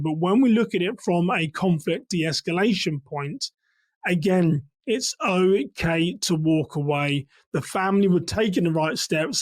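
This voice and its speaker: A man from England giving measured, instructive commentary on a church security case as a trainer. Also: high voice, no echo.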